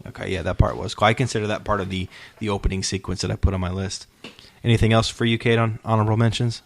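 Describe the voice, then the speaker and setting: A man's voice: on the low side, little pitch movement, fast talker, vocal fry. A man hosting a casual podcast chat, talking in an earnest, rambling way as he retells scenes. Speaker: podcast host.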